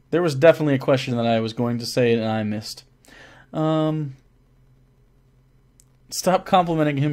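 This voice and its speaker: A man's voice: medium pitch, darkish tone. A man hosting a casual live stream, reading viewer messages aloud and joking around with lots of swearing and restarts.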